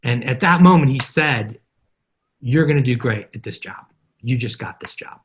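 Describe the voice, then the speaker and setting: A man's voice: mid-range voice, moderate pace, breathy edge. A middle-aged man, a marketer, is a podcast interview guest who tells stories and acts out the dialogue in them. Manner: animated anecdotes, acting out quoted dialogue.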